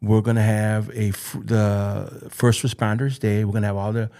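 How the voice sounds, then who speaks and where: A youth football coach appearing on a podcast tells personal stories earnestly and with feeling, often stopping to repeat himself and start phrases over. His voice is fairly low and dark, with a level tone and normal speed.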